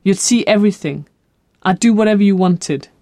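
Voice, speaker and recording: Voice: mid-range voice, normal speed, warm tone, no room sound, lightly acted. An audiobook reader voicing a desperate young woman caught shoplifting, breathless and pleading.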